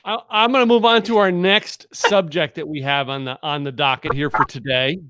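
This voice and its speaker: A man co-hosting a casual business podcast, talking in halting bursts with repeated words and restarts. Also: on the high side, steady tone, fairly bright tone, clean tone. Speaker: podcast co-host.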